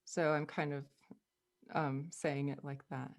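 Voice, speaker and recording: A woman's voice: sits low, flat delivery, measured pace, vocal fry. An American woman presenting an online music workshop on a video call, friendly and laughing often as she counts rhythms aloud. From United States.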